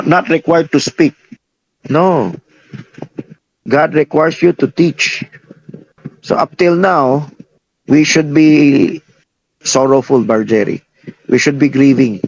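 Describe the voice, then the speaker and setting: A man's voice: fairly high pitch, creaky, dry recording, highs cut off. A man preaching a sermon, teaching by firing questions at the congregation and repeating himself. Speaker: pastor.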